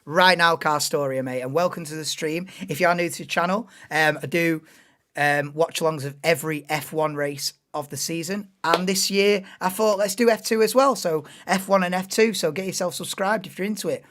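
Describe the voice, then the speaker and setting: A man's voice: a little high, moderate pace, fairly bright tone. A man doing casual live race commentary on a stream, chatting and thinking aloud between calls of the action.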